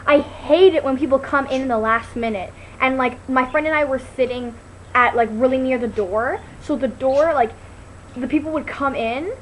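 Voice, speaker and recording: A woman's voice: sits high, moderate pace, fairly bright tone, a little hiss or hum, poor audio. A woman vlogging in a rambling, casual way on a computer mic. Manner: rambling, full of "like" and restarts. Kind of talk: casual chat to camera.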